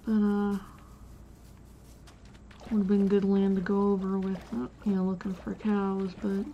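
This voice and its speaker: A woman's voice: medium pitch, completely flat delivery, measured pace, muffled recording, a little hiss or hum. A woman streamer chatting casually while playing a game, telling a rambling story full of "like" and restarts.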